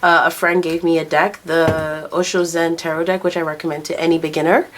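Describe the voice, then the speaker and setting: A woman's voice: sits low, level tone, a little fast, a little hiss or hum. A young adult woman chatting candidly while doing her makeup, swearing now and then and laughing at herself. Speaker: vlogger.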